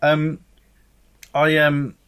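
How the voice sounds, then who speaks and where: A man hosting a podcast in casual chat, dry and deadpan, with hesitant ums. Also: on the high side, drawn-out words, clean tone. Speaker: podcast host.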